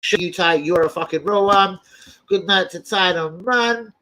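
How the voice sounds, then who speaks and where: Loud, sweary young man telling stories. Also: high voice, moderate pace, poor audio. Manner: swears a lot, loud animated storytelling with yelps and laughs. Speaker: host of a football fan channel. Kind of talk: casual chat.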